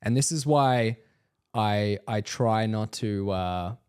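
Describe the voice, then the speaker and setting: Animated, foul-mouthed Australian young man. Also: fairly low pitch, slow pace, clean tone. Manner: animated, swears a lot, lots of "like". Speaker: podcast co-host. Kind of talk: casual storytelling chat.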